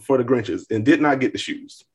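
A man's voice: mid-range voice, moderate pace, breathy edge. A young man co-hosting a podcast, talking casually with lots of hedging and amused asides. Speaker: podcast co-host. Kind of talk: casual chat.

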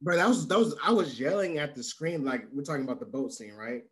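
A young man co-hosting a podcast in laid-back, profane casual chat, often trailing off quietly. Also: on the high side, animated, fast talker. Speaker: podcast co-host.

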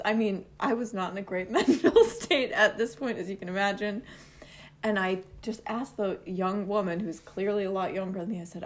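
A woman's voice: mid-range voice, a little fast. A young woman in a casual talk, animatedly recounting a personal story and laughing often as she tells it. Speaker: guest telling a personal story.

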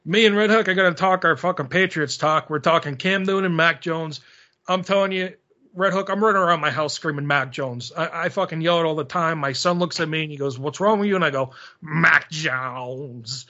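Brash, profane man with a bright voice. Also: on the high side, fairly quick. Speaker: podcast host. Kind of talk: casual chat. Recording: dull lo-fi audio.

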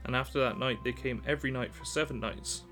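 A man narrating an old tale in a measured, calm reading. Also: medium pitch, faint music behind. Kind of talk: storybook reading.

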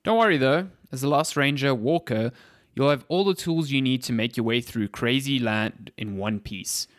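A man's voice: mid-range voice, moderate pace, no room sound, clean studio sound. Jokey casual male podcast co-host. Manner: jokey, swears casually, laughs often. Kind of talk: casual gaming chat.

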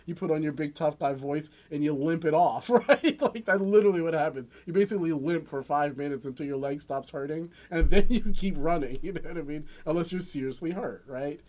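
Male podcast talker, slightly high-pitched, lively, acts out little scenes. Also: fairly quick, hardly any pauses. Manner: animated storytelling with acted-out quotes, frequent swearing. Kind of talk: casual podcast chat.

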